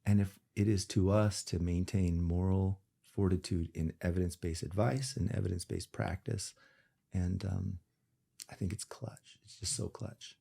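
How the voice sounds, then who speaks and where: Low, gravelly-voiced doctor, candid and emphatic. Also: male voice, fairly even intonation, normal speed, warm tone. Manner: candid, emphatic, building to passionate outbursts. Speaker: physician. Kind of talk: podcast conversation.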